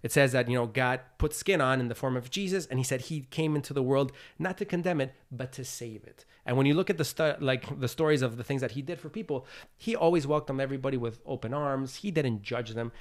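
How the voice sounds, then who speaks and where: A man's voice: mid-range voice, a little fast. A man guest on a casual podcast interview, speaking earnestly and acting out little voices as he explains his views. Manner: earnest, animated storytelling with acted-out voices.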